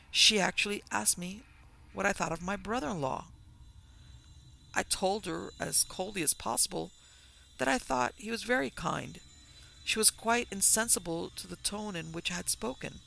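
A man reading a reserved young widow's account in an audiobook, measured and restrained. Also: sits high, vocal fry, bright, forceful tone, voice pushed up, heavily acted. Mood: wary.

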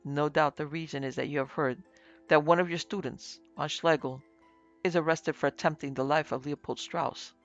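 A severe, pompous police inspector speaks with contempt in a gravelly voice, as a male narrator puts him on. Soft music runs underneath. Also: a little high, steady tone, normal speed, muffled recording, natural voice.

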